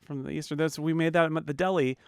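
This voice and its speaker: A man's voice: fairly high pitch, steady tone, quick pace, creaky, smooth, no echo, clean studio sound. A middle-aged man from the United States, co-hosting a podcast in casual chat, telling stories with many restarts and fillers. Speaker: podcast co-host.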